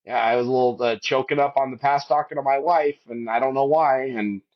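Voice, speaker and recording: Earnest and in his fifties, a hiker appearing as a podcast guest tells an emotional story a bit quickly, rambling and restarting repeatedly. His voice rises high to imitate his wife, captured in lo-fi sound.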